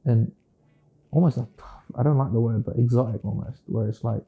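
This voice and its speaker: A British singer-songwriter speaking in a casual interview, reflective and playful, often slipping into quoted voices. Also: male voice, medium pitch, steady tone, moderate pace, gravelly, long pauses, narrow, tinny audio. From United Kingdom.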